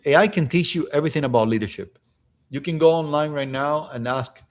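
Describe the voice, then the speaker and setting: A man's voice: on the high side, brisk, a little hiss or hum. Man giving a casual motivational talk. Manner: conversational, repeats phrases, fillers like "right?" and "you know". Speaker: host.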